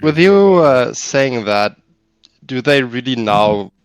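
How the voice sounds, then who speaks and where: Slow gravelly young man puzzling it out. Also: medium pitch, animated, no echo, faint music behind. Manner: questioning, unsure. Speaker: player. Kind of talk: casual tabletop game chat.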